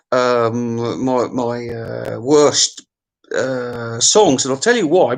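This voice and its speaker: A man, hosting a music countdown in a rambling, opinionated comic monologue full of swearing, restarts and stammers. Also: mid-range voice.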